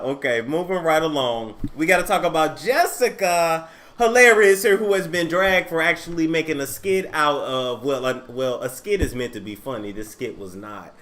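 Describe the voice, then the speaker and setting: Blunt, animated male gossip host. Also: on the high side, normal speed, few pauses. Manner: blunt, crude, teasing; talks straight to the camera and the live chat. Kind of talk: casual gossip commentary.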